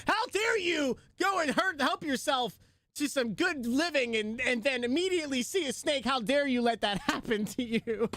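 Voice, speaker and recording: A woman's voice: high voice, animated, moderate pace, a bit bright, voice pushed up. Man doing an indignant scolding woman. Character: scolding sister-in-law, woman, indignant and fussy.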